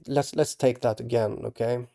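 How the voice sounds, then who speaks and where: A man hosting his own channel, talking to camera in a halting, earnest way, restarting his sentences and checking in with tag questions. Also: mid-range voice, steady tone, vocal fry, mellow. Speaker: artist and channel host. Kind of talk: casual talk to camera.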